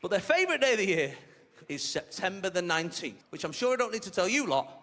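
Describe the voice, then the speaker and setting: Animated British comic on a big stage. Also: male voice, high voice, quick pace, big-room sound. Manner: animated, cheeky, slips into silly character voices. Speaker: stand-up comedian. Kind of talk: stand-up comedy set. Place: large theatre stage. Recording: live theatre recording with audience laughter.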